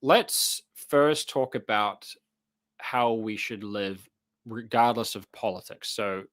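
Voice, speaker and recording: A man's voice: fairly low pitch, takes it slowly, a bit bright. A man from New hosts a casual livestream. He chats loosely and jokes as he reads out viewer comments, with lots of fillers and restarts. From New Zealand. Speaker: host.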